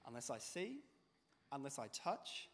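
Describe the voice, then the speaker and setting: A male preacher, delivering a sermon with animated storytelling and acted-out quotes. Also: mid-range voice, measured pace. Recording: long hall reverb.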